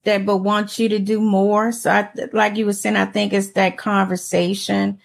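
A woman in her forties telling stories in a casual chat, animated and often laughing. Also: mid-range voice, normal speed, creaky. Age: 40s. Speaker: panelist.

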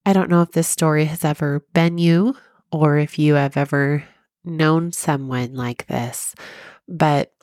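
A woman's voice: deep voice, fairly even intonation, unhurried, a little mellow, dry recording, studio quality. A woman hosting her own podcast, sick and a bit stuffy-nosed, telling a story in a chatty, friendly way. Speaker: podcast host and mindset coach. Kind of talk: casual solo podcast talk.

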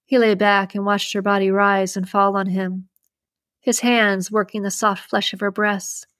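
A woman hosting a podcast, reading an erotic thriller novel aloud in a steady, measured way. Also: mid-range voice, no room sound, clean studio sound. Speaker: podcast host and reader.

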